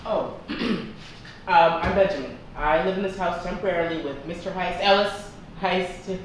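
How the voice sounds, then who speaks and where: A woman playing a timid young male student who speaks haltingly. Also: lowish voice, natural voice. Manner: hesitant, halting. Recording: echoey room, distant mic, noisy.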